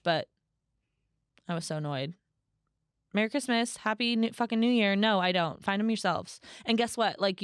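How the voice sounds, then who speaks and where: Woman, solo podcast host; chatty, animated storyteller, smooth voice, dry close sound. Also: dry recording. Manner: acts out quoted voices in a higher pitch.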